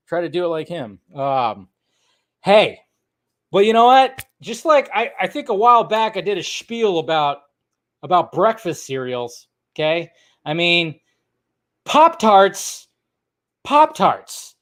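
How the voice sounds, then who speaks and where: A casual man with a fairly high voice hosts a loose movie-news livestream. He rambles, swears freely and breaks into laughter, reading from articles and drifting into tangents. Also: sing-song, slow, pauses often, fairly bright tone. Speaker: movie news channel host.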